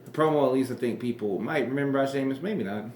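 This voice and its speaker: A man's voice: mid-range voice, fast talker, a little mellow, echoey room, a little hiss or hum. A man casually reviewing an old wrestling show, sarcastic and profane, rambling.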